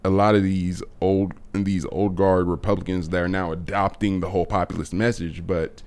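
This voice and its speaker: A man with a lowish voice talks through his political views as a podcast guest. He speaks in long, steady explaining runs. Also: moderate pace. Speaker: guest commentator. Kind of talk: casual political chat.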